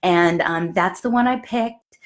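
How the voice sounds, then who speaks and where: A woman hosting a live stream, bubbly and excitable, chatting with her viewers. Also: fairly low pitch, unhurried. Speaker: fitness business show host. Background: faint music.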